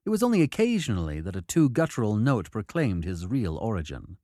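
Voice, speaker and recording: Expressive male audiobook narrator. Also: on the low side, brisk, dry recording, studio quality. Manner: expressive storytelling, doing character voices. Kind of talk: audiobook narration of a period novel.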